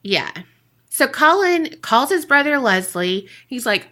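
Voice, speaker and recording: Woman, podcast co-host, unhurried, bright tone, casual and profane. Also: high voice, big pitch swings. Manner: casual, profane, laughs often. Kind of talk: casual storytelling chat.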